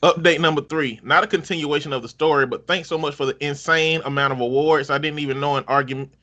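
A man's voice: fairly high pitch, steady tone, quick pace, sharp tone, dull audio. A man hosting a podcast, casually reading online stories aloud with wry laughs and swearing.

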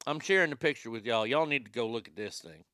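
A man's voice: mid-range voice, lively intonation, fast talker, pushed and bright, no room sound. A man hosting a ranting commentary show, crude and mocking, often stammering and restarting his sentences. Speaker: commentary podcast host.

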